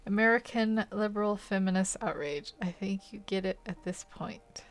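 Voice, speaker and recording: A woman who hosts an art channel chats casually while drawing, her voice medium-pitched at a normal speed over soft background music. She's giggly and rambling, worn out from a long day without sleep.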